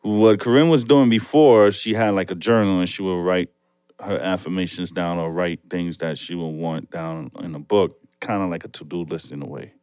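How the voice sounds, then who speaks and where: A man's voice: low voice, steady tone, normal speed, a little mellow, smooth, no echo, clean studio sound. A young man with a New York accent co-hosting a casual podcast, laid-back and rambling, laughing often. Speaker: podcast co-host. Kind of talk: casual chat.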